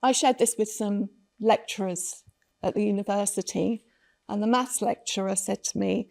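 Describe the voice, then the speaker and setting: A woman's voice: mid-range voice, steady tone, normal speed, creaky, a little mellow. A woman speaking on a conference panel, telling stories earnestly and reflectively. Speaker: conference speaker on children's literature. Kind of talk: panel talk.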